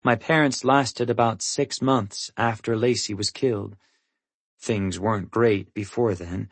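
A man reading a first-person audiobook, in a measured, somber manner. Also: lowish voice, steady tone, husky, dry recording. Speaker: audiobook narrator.

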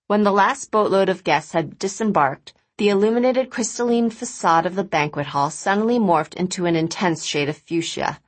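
A woman narrating a novel as an audiobook reader, in a measured, expressive reading. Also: mid-range voice. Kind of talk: scripted narration.

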